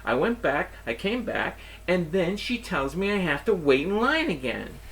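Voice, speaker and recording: A man hosting his own show, telling a comic story in an animated, exasperated way and acting out the people in it. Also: high-pitched, normal speed. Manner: animated, exasperated retelling with acted-out quotes. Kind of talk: comedic storytelling monologue.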